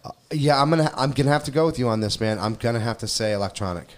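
Male co-host, casual chat, excitable, repeats himself, mid-pitched voice. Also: very fast. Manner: excitable, repeats himself, bursts into song snippets. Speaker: podcast co-host.

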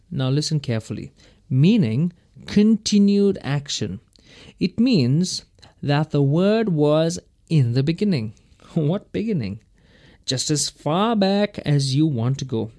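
A man's voice: a little high, warm tone. A man teaching verse by verse through a Bible passage in a folksy, emphatic way, chuckling between his points.

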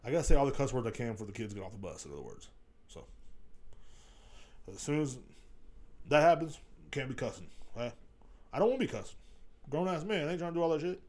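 A man's voice: medium pitch, very animated, quick pace, pauses often, a little mellow. A middle-aged man hosting a comedy podcast, ranting crudely and mocking voices as he rambles. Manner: profane, rambling, mocking voices mid-rant. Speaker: podcast host.

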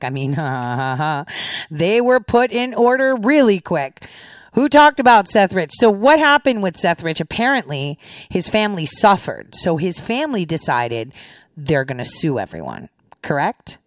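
Sarcastic woman with lively pitch. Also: no echo, studio quality. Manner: sarcastic, rhetorical questioning. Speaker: podcast host. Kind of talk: political commentary reacting to clips.

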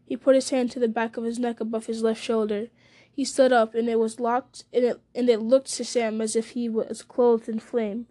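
A woman giving a measured, storytelling reading of a fantasy novel. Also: fairly high pitch, flat delivery, mellow. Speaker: audiobook reader.

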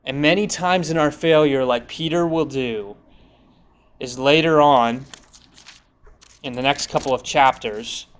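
A man's voice: fairly high pitch, a little slow, long pauses, smooth. A young man preaching a sermon, retelling a scripture story in a casual, conversational way and acting out the quotes.

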